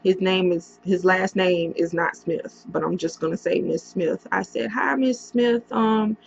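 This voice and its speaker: A woman telling a painful personal story on a casual storytime vlog, halting often with pauses and fillers as she speaks into a computer mic. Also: on the low side, little pitch movement, gravelly, breathy edge, lo-fi sound. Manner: halting, emotional retelling with many pauses and fillers.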